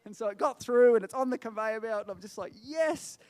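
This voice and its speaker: A middle-aged man giving a sermon as a guest speaker, telling a story with lively acted-out voices. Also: high voice, quick pace, clear, resonant tone, no echo. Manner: animated storyteller, acts out quoted people.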